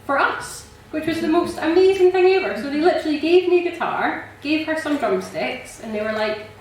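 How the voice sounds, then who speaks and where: A woman sharing a personal testimony in church, chatty and animated, laughing often and filling pauses with ums. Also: sits high. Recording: echoey church hall, mic from a distance.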